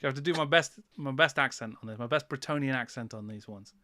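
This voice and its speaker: A man's voice: mid-range voice, fast talker, sharp tone, no room sound. A man hosting a casual livestream quiz, playful and teasing, often breaking into laughter. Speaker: quiz host.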